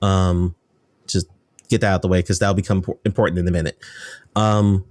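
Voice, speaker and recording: Low-voiced, dry-sounding American games journalist. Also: male voice, little pitch movement, normal speed, darkish tone, no room sound. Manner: rambling, self-correcting, enthusiastic. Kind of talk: casual podcast chat.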